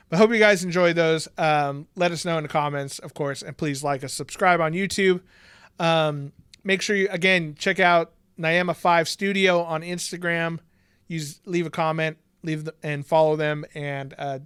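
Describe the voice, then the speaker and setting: A man co-hosting a podcast in casual chat, laid-back, laughing often and filling pauses with ums. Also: on the high side, fairly even intonation, a bit bright, clean tone, dry recording. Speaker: podcast co-host.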